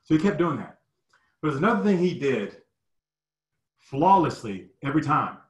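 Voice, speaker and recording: A man in his fifties telling personal stories, animated and acting out the people in them. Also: on the high side, moderate pace. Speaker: guest storyteller. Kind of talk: personal storytelling. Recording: roomy echo.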